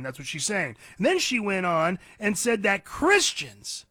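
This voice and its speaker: A man's voice: sits high, sing-song, a little slow, pushed and bright, no echo. A man hosting talk radio, ranting bluntly and combatively in an opinionated monologue from a radio studio.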